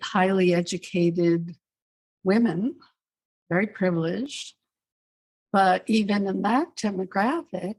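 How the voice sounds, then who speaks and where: Older woman guest, low-pitched, measured and reflective, with dry wit. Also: husky. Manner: measured, thoughtful storytelling with dry asides. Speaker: psychiatrist guest. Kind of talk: reflective interview answers.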